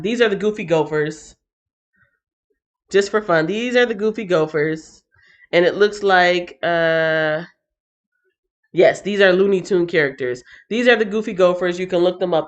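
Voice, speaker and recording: A woman's voice: fairly low pitch, muffled recording. A woman hosting a Bible reading stream, chatting casually and animatedly with many fillers.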